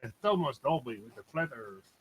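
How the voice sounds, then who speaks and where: A man in a casual online hangout chat, talking haltingly with many fillers. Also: medium pitch, sing-song, a little hiss or hum, rough recording. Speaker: hangout participant.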